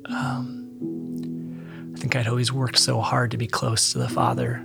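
Gravelly man telling his story haltingly. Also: medium pitch, very animated, loud music behind the voice. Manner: halting, reflective, many ums. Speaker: podcast guest. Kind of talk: candid personal testimony.

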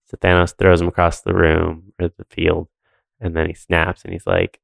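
A man's voice: low voice, completely flat delivery, normal speed, creaky, dry recording. A man co-hosting a podcast, recapping a film in rambling casual chat full of fillers and laughs. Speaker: podcast co-host.

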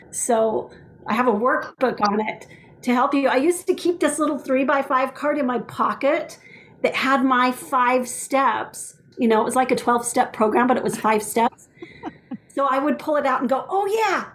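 High-voiced woman podcast host. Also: a little hiss or hum. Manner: lively, shares personal parenting stories. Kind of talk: casual conversational chat.

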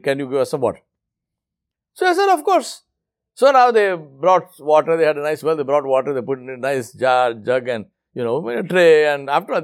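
During a sermon built around a story, a male preacher performs the voices of its characters, then lowers his voice when he reaches the lesson.

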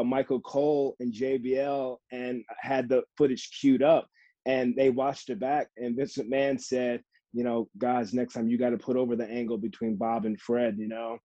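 Animated man telling stories, lo-fi. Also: mid-range voice, no echo. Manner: animated storyteller, fillers, acts out quotes. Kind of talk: casual storytelling chat. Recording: dull dry lo-fi sound.

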